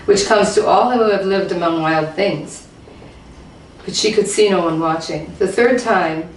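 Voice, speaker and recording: Woman reader, steady storytelling to a room; distant mic, roomy echo. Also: medium pitch, a little hiss or hum. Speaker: speaker reading aloud. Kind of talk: reading a novel excerpt aloud. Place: lecture room. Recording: roomy hall, voice from far off.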